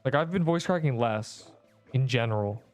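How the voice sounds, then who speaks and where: A man's voice: medium pitch, lively intonation, normal speed, a little mellow, soft background music. A man rambling casually through gameplay commentary on a livestream, slangy and loose, tossing in "bro" and casual swearing. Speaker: streamer.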